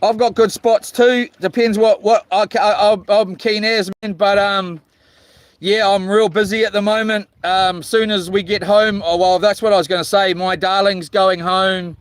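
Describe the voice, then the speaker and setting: A man's voice: sits high, steady tone, normal speed, dry recording. A man chatting with viewers while fishing outdoors on the ocean, rambling and swearing in mock-grumpy jokes. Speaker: fishing vlogger. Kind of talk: live-stream chat with viewers.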